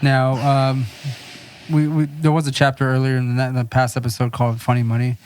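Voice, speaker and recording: A man's voice: medium pitch, flat delivery, fairly quick, darkish tone, long reverb tail, slight background noise. Hesitant man chatting on a podcast. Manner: hesitant, with restarts and fillers. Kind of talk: casual chat.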